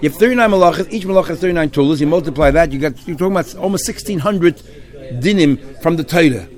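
A man leads a Talmud study session at a rapid clip. His voice sits a bit high, and he keeps questioning the text, arguing it out and mixing in Hebrew and Yiddish terms. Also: expressive, darkish tone. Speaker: Torah study teacher.

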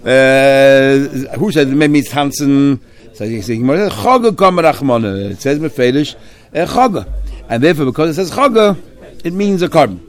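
A man's voice: mid-range voice, lively intonation, normal speed. A man leading a Talmud study discussion, arguing and questioning, sprinkling in Hebrew and Yiddish terms. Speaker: Torah study teacher.

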